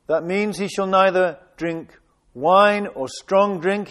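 A man with a high voice delivers a sermon at an unhurried, measured pace. He reads scripture aloud with dramatic emphasis and pauses for reflective asides. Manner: slow, deliberate reading with dramatic emphasis and asides. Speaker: preacher. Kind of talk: sermon reading and expounding scripture.

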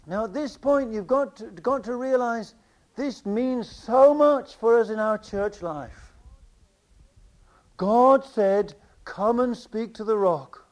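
Man preaching, high voice, impassioned, repetitive, loud then quiet. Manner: impassioned, repetitive, swings between loud declarations and quiet asides. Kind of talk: sermon.

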